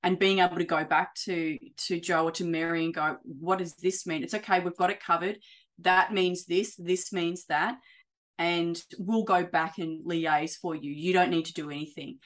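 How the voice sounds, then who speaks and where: A woman chatting casually as an interview guest, acting out quoted conversations in an animated way. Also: lowish voice, normal speed. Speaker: property investor client.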